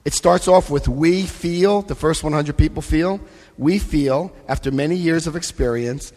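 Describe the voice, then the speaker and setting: A man giving a lively recovery talk to a live convention audience, acting out scenes and voicing quotes. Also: a little high, measured pace. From United States. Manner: animated, acts out scenes, shifts voice for quotes. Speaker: AA convention speaker. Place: convention hall. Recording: long hall reverb.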